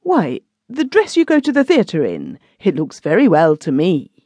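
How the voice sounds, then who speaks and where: A woman's voice: fairly low pitch, wildly swooping pitch, normal speed, darkish tone, slightly rough, no room sound, heavily acted. A woman narrator voicing a timid clerk husband who coaxes his wife and stammers when flustered. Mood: coaxing. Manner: coaxing, stammering.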